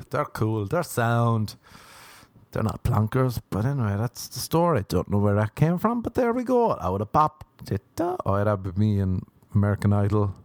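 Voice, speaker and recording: Here a young Irish podcast host talks on his own, drifting through stories that poke fun at himself. The voice is lowish with a darkish tone, captured in a dry recording.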